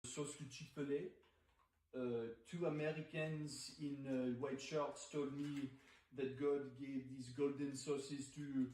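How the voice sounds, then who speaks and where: A man's voice: mid-range voice, slow, recorded from a distance. Hesitant French-accented man in echoey room. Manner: hesitant, full of filler sounds, deadpan. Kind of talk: comedic monologue. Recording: echoey room, away from mic.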